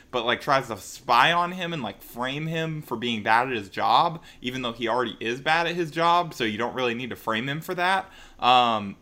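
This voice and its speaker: A man's voice: mid-range voice, pushed and bright. A man co-hosting a casual movie-review chat, with dry, sarcastic remarks and rambling summaries full of fillers. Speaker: podcast co-host.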